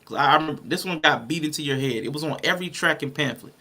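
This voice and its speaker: A man co-hosting a casual panel podcast, reading Bible verses aloud and walking through his points in an animated way. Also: fairly high pitch, a little fast. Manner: animated, reads scripture aloud and explains it. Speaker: podcast co-host.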